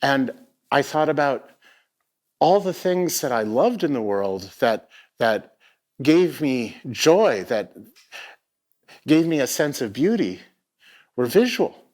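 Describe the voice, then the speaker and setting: A man's voice: mid-range voice, big pitch swings, takes it slowly, long pauses, darkish tone. A middle-aged man giving a personal storytelling talk on a theatre stage, reflective and given to hesitant restarts. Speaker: keynote speaker. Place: theatre stage before a live audience.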